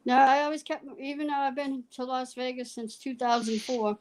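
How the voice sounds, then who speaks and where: A woman with a Boston accent talks casually on a live stream, trading quick replies. Her voice sits a little high for a woman. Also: fairly even intonation, slight background noise. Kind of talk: casual chat.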